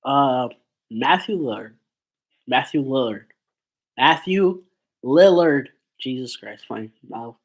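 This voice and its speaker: A man's voice: mid-range voice, measured pace, creaky, fairly bright tone, husky, rough recording. Guy with a blocked-up nose from being sick, rambling on casually in a vlog, lots of likes and ums. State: stuffy nose from a cold. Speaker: YouTuber.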